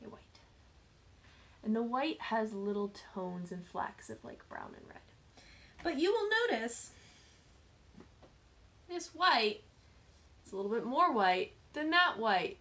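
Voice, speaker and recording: A woman hosting a knitting podcast, chatting casually as she shows her projects, self-deprecating and often dropping into soft asides. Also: on the high side, animated, slow, pauses often. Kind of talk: casual show-and-tell chat.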